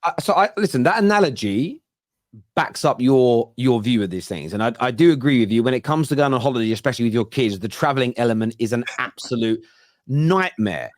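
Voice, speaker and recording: Measured man with a dry, close sound. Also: mid-range voice, lively intonation, no echo. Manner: measured, building an argument with examples. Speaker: co-host. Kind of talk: fan debate discussion.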